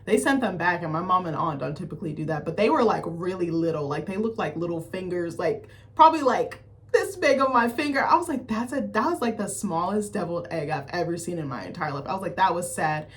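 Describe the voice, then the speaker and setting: A young adult woman telling a rambling, animated story straight to her camera, full of "like" and quoted asides. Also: on the low side, fast talker, few pauses. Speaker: vlogger. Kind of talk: casual chat to camera.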